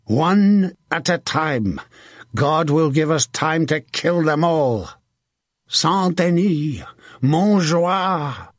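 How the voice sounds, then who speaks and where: Man playing a calm deadly knight. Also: a little high, no room sound, clean studio sound, voice pushed up, heavily acted. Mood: commanding. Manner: slow, commanding battle cries. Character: confident French knight commander, calm and deadly.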